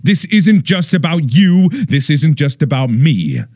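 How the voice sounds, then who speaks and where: A man's voice: fairly high pitch, very animated, a little slow, a little hiss or hum. Over-the-top dramatic young man. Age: 20s. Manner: over-the-top solemn, swinging between hushed and shouted. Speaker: YouTuber. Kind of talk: mock-dramatic plea to viewers.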